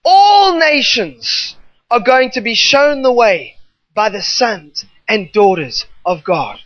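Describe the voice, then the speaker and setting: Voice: mid-range voice, very animated, slow, fairly bright tone, dry recording. Emphatic preacher with a dry, dull sound. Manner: emphatic, repetitive preaching with rambling asides. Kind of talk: sermon.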